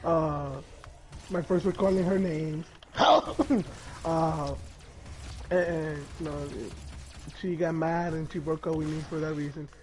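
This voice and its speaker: A man's voice: fairly high pitch, fairly even intonation, slow pace, slight background noise, low-quality recording. A man telling a story in casual chat on a stream, crude and rambling, laughing as he goes.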